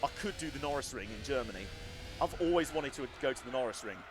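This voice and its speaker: A man's voice: medium pitch, lively intonation, fast, noisy background. A man chatting casually and self-deprecatingly as he live-streams a racing game, wandering into side stories.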